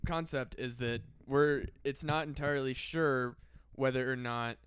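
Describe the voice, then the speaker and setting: A man on a podcast in casual chat, rambling excitedly and swearing freely, his voice cracking now and then. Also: medium pitch, unhurried, slight background noise. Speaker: podcast guest.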